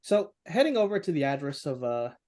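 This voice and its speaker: A man's voice: a little high, very animated, a little fast, a little mellow. A man narrating a tabletop game as game master, describing scenes with frequent filler words.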